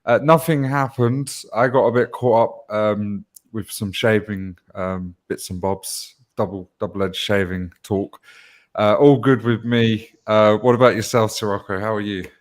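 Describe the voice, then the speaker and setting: Low-voiced man telling a wry story. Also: fairly even intonation, measured pace. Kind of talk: casual group chat.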